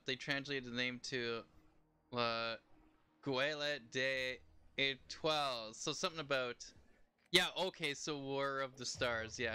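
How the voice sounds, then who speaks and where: A man's voice: mid-range voice, pushed and bright, clear, resonant tone. A young man streaming a game, chatting casually in a rambling way and laughing often. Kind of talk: casual live-stream chat while playing.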